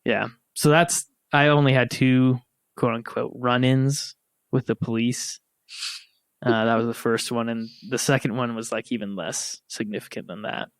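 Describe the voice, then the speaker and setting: An American man casually telling a story to his siblings on a podcast, lively and laughing as he acts out quotes. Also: medium pitch, moderate pace, dry recording, clean studio sound. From United States.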